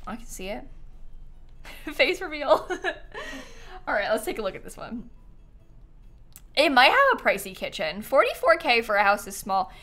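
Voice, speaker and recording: A woman's voice: high voice, wildly swooping pitch, measured pace, pauses often, pushed and bright, soft background music. A young woman doing casual live-stream commentary as she tours viewer builds, bubbly and giggly, gushing over what she sees.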